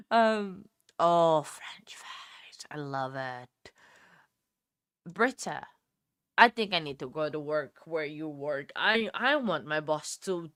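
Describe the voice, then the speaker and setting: A young woman hosting a livestream, chatting casually with viewers, laughing often and filling pauses with ums. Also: medium pitch, a bit bright, dry recording, studio quality. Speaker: livestream host. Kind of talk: casual chat with live viewers.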